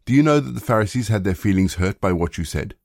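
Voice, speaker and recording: Questioning male elders, as a male reader voices them; low-pitched and dry. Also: expressive, quick pace, vocal fry, a little mellow, no room sound. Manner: plain reading voice. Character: questioning male religious teachers.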